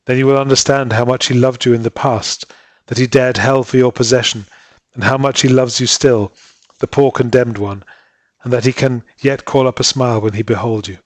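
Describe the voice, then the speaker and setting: A man's voice: mid-range voice, steady tone, moderate pace, no echo, close to an everyday voice. A man reading aloud and voicing a guilt-ridden young island husband who speaks in a subdued, sorrowful way.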